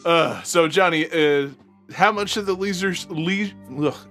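A man's voice: sits high, measured pace, bright, forceful tone, faint music behind. A man co-hosting a casual gaming podcast, joking and laughing as he steers the talk. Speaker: podcast co-host.

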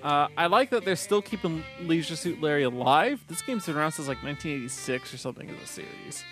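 A man with a slightly high voice rambles and giggles through his stories on a casual gaming podcast. Music plays clearly beneath him. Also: animated, quick pace. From part Irish heritage. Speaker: podcast co-host.

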